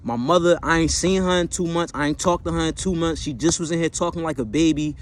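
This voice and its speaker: A man's voice: on the high side, fast talker. A man in his twenties casually telling a personal story, slangy and profane, rambling with fillers and self-corrections.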